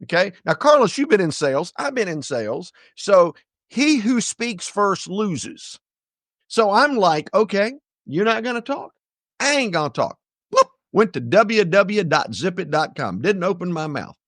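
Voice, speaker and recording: Older man, high voice, very animated pitch, blunt joking storyteller, dry close mic. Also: unhurried, dry recording. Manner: jokey, blunt asides to listeners. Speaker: guest, ethics speaker.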